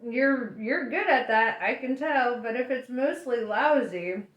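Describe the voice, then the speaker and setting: A woman voicing a glib, quick-thinking male space traveller, talking in a smooth and persuasive way. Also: fairly high pitch, expressive, dull audio. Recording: roomy echo.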